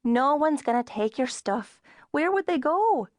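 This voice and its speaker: A woman reads a breezy woman friend who stays unflappable on the phone, her voice lifted noticeably higher. She answers in a teasing, matter-of-fact way. The storybook recording is dry and close. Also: lively intonation, a little slow, no room sound.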